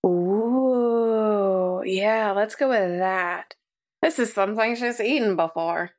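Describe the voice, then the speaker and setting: A woman playing in a tabletop game, playful and a bit hesitant. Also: mid-range voice. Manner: playful, hesitant, drawn-out talk. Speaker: player. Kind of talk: casual tabletop game play.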